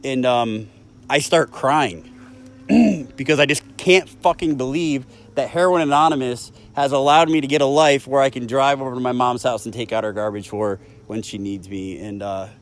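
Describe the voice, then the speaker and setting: A man's voice: mid-range voice, moderate pace. A man in his thirties giving a candid, emotional personal share at a recovery meeting, swearing often as he speaks. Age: 30s. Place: meeting room.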